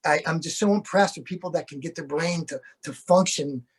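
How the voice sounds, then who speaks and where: A man's voice: a little high, fairly quick, breathy edge. Middle-aged guy actor chatting in an interview, rambly, keeps restarting, easygoing. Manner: rambling, self-correcting, good-humored. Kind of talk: casual interview chat.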